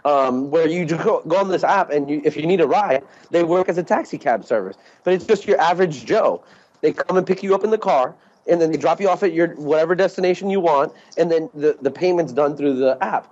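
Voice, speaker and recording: A man's voice: a little high, a little fast, a little mellow. A man co-hosting a podcast, telling a long rambling story in casual chat, swearing and laughing as he goes. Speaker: podcast co-host. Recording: dull lo-fi podcast audio.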